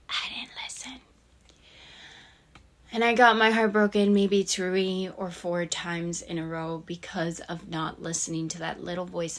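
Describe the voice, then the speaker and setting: A woman's voice: fairly low pitch, a bit bright. A woman talking to her viewers in a casual, encouraging motivational vlog, earnest and chatty. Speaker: YouTube vlogger.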